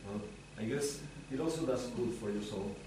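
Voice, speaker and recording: A man playing Alquist, a calm, reflective builder, in an amateur stage play, speaking with some hesitation. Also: medium pitch, normal speed, lightly acted. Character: calm, pious middle-aged male builder Alquist. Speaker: student actor in a stage play. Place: stage or classroom. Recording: echoey room, far from mic, faint noise.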